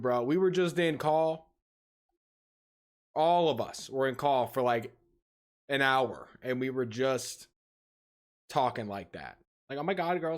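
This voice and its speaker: A male livestream host with a somewhat high voice chats casually with his audience. He is animated and teasing, and his pitch leaps upward as he greets viewers. He laughs often as he goes. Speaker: livestream host reacting to videos.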